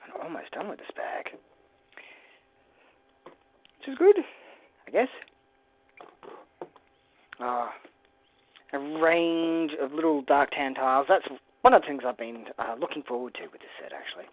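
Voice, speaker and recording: A host casually narrating a toy brick build, rambling through playful asides and quiet mumbles to themself. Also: medium pitch, animated, unhurried, pauses often, no room sound. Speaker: LEGO builder and channel host. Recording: dry, tinny phone-like sound.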